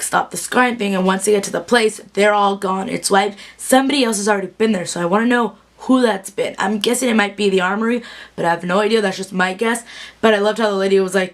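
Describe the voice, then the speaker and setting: A young woman casually recapping a TV episode, chatty and bubbly with lots of fillers, acting out characters' quotes. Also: medium pitch. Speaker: TV recap vlogger. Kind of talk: casual chat.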